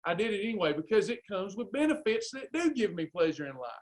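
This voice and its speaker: This live class pep talk comes from a man leading a weight loss session, rallying everyone like a fiery preacher. He talks fast in a high, sing-song voice.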